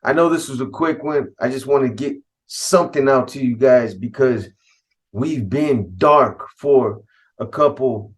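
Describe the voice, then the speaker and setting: Man telling a rough street story. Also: medium pitch, unhurried. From California. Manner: street slang, cursing, quotes others in dialogue. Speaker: host telling a personal story. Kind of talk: casual storytelling.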